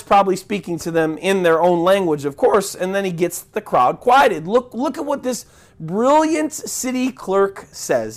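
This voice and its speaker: With a high-pitched voice, a male pastor preaches animatedly and conversationally. He voices crowds and chants, frequently restarts, and keeps making asides to the people in the pews.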